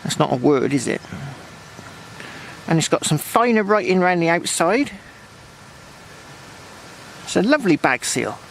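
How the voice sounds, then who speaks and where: A man with a West Country accent, his voice sitting a little high, rambles cheerfully to the camera while detecting out in open countryside. His talk wanders and he chats to himself as he goes. The outdoor recording carries a clear hiss with rain and wind behind him. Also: sing-song, unhurried, long pauses, poor audio. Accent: West Country English. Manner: chatty, rambling, talks to himself while working. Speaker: metal detecting vlogger. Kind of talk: casual commentary to camera. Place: outdoors in rural fields.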